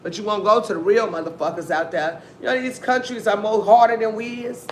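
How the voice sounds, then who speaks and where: A woman hosting a casual commentary stream, telling stories in a rambling, profane, animated way. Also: medium pitch, fairly quick. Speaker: host of a news-and-commentary stream. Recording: echoey room, faint background noise.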